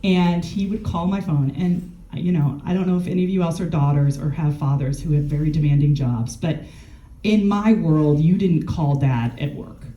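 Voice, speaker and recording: A woman's voice: low voice, moderate pace, mellow, reverberant, lo-fi sound. A woman, a gerontologist, talking casually and candidly about caring for a family member, with self-deprecating laughs. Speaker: gerontologist and speaker. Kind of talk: casual conversational storytelling. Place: warm room.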